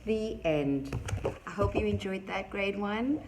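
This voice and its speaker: A teacher reading a picture book aloud to young children, expressive and gently animated. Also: female voice, mid-range voice, slow pace, heavy background noise. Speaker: primary school teacher.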